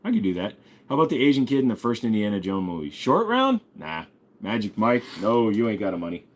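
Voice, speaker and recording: A fast-talking young man with a lowish voice hosts a laid-back stream. He reads comments from viewers and responds with crude humor and frequent swearing.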